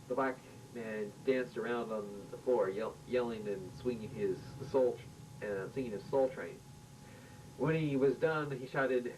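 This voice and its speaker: Man reading a story from a distance. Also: steady tone. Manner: halting, with restarts. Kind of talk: reading an improvised sci-fi story aloud. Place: home room. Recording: distant mic with faint rumble.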